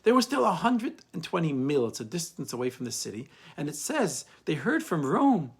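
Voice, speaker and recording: Male rabbi teacher, husky voice, lively storytelling delivery. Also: a little high, normal speed. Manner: animated storyteller, frequent "I mean". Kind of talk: storytelling Torah lesson.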